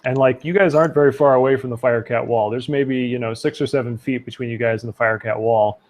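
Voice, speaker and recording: A man's voice: mid-range voice, steady tone, quick pace, a little hiss or hum. A man narrating a tabletop role-playing game as game master, loose and chatty, with fillers and laughs.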